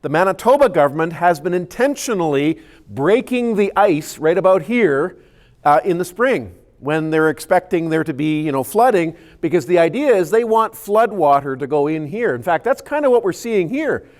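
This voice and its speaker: Guy scientist doing a slide talk, slightly high voice, explains stuff, repeats words a lot. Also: lively intonation, normal speed. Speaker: scientist giving a presentation. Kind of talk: public presentation with slides. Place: community meeting room.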